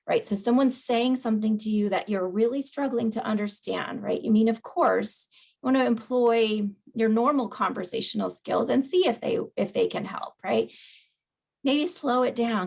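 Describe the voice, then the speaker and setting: A woman leads an online caregiving class in an easy, chatty teaching manner and keeps checking in with "right?". Her voice has heavy vocal fry and a husky edge. She speaks at a middle pitch over a video call. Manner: conversational, asks "right?" after points. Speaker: dementia educator. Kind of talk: webinar lecture.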